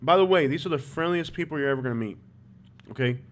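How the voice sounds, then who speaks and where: A man hosts a live stream from his computer, talking in a loose, rambling way full of fillers. His voice sits a bit high for a man. He sounds casual and off the cuff. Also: fast. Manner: rambling, chatty, filler-heavy. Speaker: YouTube host.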